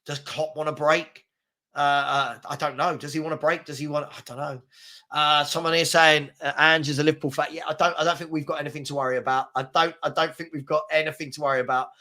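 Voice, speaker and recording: A man's voice: on the high side, level tone, quick pace, sharp tone. A man hosting a casual live football chat, reading out viewer comments in a rambling, slangy way and repeating himself. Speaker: football chat show host.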